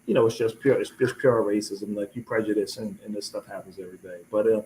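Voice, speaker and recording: A man hosting a casual live chat, telling a rambling story with many restarts and repeated words, lively when he quotes people. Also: on the low side, fast talker, a little hiss or hum, low-quality recording. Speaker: host.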